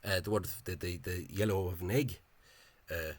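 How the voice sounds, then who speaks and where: A man talks through language spelling in a relaxed, unscripted way, his voice very low and a little husky. He speaks haltingly, stumbling over repeated words and filler sounds. He comes across as opinionated and blunt. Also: no echo. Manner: opinionated, dismissive of official spelling. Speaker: language enthusiast explaining spelling. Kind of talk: casual explanatory monologue.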